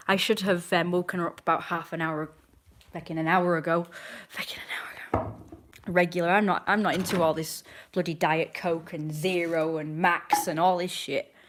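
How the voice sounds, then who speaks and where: A woman's voice: on the low side, slight background noise. Rambling woman on a livestream. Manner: rambling, chatty, self-correcting. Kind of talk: casual livestream chat.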